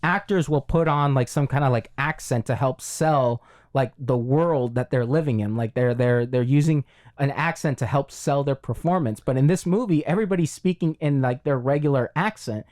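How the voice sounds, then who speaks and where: A man's voice: medium pitch, normal speed, a little mellow. A man co-hosting a casual film review podcast, talking in long rambling runs with many fillers and restarts. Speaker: podcast co-host.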